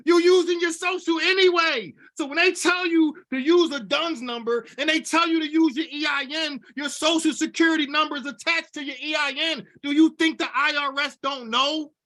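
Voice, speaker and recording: A man's voice: very high-pitched, fairly even intonation, moderate pace, few pauses, pushed and bright. A man coaching on business funding, preachy and fired up, repeating lines for emphasis and calling his audience y'all. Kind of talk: fired-up teaching at a whiteboard.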